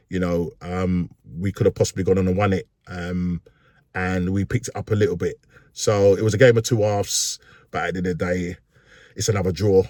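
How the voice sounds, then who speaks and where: A man hosting a casual football match reaction, rambling and resigned, with many pauses. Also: deep voice, darkish tone, dry recording, studio quality. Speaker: football fan channel host.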